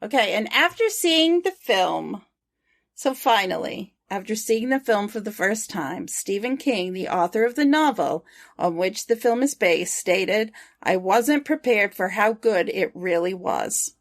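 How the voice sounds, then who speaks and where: A woman's voice: medium pitch, lively intonation, measured pace. A woman co-hosting a podcast, reading prepared trivia and chatting loosely. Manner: reads prepared trivia, then chats loosely. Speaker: podcast co-host. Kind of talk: reading notes and casual chat.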